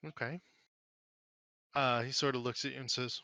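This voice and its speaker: Bright-voiced male game master. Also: medium pitch, little pitch movement, normal speed, long pauses, no room sound. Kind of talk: narrating a tabletop game.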